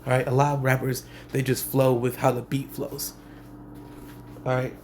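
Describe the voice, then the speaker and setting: A young man, a rapper, speaking in a laid-back, slangy way with a monotone delivery in a casual vlog. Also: mid-range voice, normal speed, a little hiss or hum. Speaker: rapper and channel host. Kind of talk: casual talking-head vlog.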